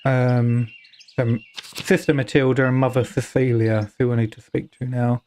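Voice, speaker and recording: A man's voice: medium pitch, level tone, measured pace, darkish tone, slight background noise. A British man casually commenting as he plays, often muttering to himself. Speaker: streamer.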